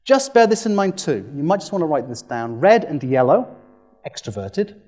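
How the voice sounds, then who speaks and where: A man presents to a room with a playful, animated delivery, his voice sitting a little high for a man. He breaks into quick acted-out quotes as he talks. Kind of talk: lively training presentation.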